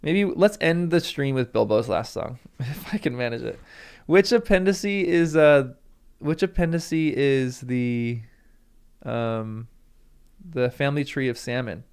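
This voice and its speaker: A man's voice: medium pitch, a little slow, a little mellow, clean tone. A man hosting a live stream, chatting emotionally with viewers and reading from a book aloud.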